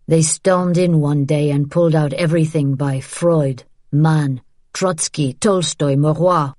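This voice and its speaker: A woman voicing a weary, bitter middle-aged father who speaks in flat, guarded tones. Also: low voice, measured pace, no room sound, clean studio sound.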